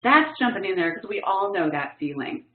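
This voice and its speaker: A woman's voice: medium pitch, moderate pace. A woman trainer giving a professional development talk, telling personal stories and acting out what people said. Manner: lively storyteller acting out quotes. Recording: tinny phone-like sound in an echoey room.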